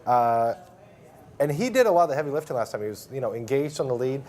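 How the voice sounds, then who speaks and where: With a medium-pitched, expressive, darkish tone, a man from Canada chats through his race picks as a handicapper. The delivery is quick and conversational as he speeds through each horse's form.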